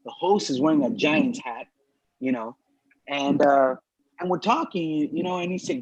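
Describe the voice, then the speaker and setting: A comedian from Los Angeles telling a story in casual chat, animated and profane, acting out the people he quotes. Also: fairly high pitch, normal speed, breathy edge, no echo. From Los Angeles, USA. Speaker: comedian podcast co-host. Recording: dull lo-fi dry sound.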